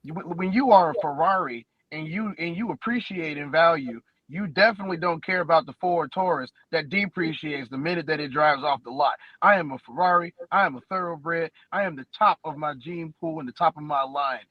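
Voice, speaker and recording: A man's voice: fairly high pitch, a little fast, hardly any pauses, dry recording, muffled recording. A man co-hosting a podcast, boasting and mocking in brash banter, repeating his words. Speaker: podcast co-host. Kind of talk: brash trash-talking banter.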